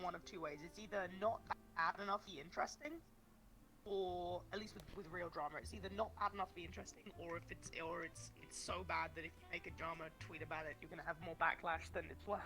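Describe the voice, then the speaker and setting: Casual: laid-back guy, raspy fry in his voice, some quiet music in the back. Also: high voice, fairly even intonation, fast. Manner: laid-back, laughs through his remarks. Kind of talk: casual online chat.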